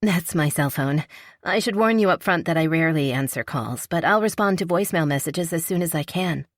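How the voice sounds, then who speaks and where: A woman's voice: sits low, expressive, a little fast, dry recording, clean studio sound. A woman reading a polite, shyly playful young woman. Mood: earnest. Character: young wealthy woman, warm, slightly shy, playful. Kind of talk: audiobook character reading.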